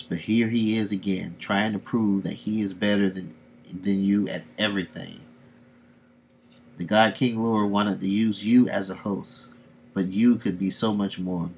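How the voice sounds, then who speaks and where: A scheming witch from a comic book, tempting a boy toward power, read aloud by a man. He keeps his own plain, low voice and does not change it for her. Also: steady tone, measured pace, a little mellow, slight background noise, low-quality recording.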